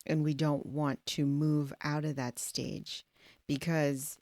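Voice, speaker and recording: Woman host musing out loud, really low voice, dry close sound. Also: little pitch movement, slow, dry recording. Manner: reflective, conversational. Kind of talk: casual interview talk.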